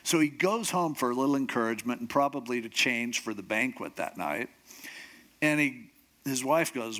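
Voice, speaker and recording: A male pastor delivers a sermon as a vivid story, his pitch swinging widely as he acts out each character. He talks in a lively, animated, conversational way. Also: normal speed.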